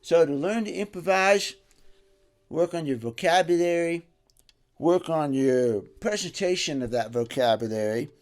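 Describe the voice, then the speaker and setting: A man giving a casual music lesson, animated and rambling, dropping to a soft voice and rising loud again as he explains. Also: a little high, unhurried. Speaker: music teacher. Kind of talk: casual instructional talk.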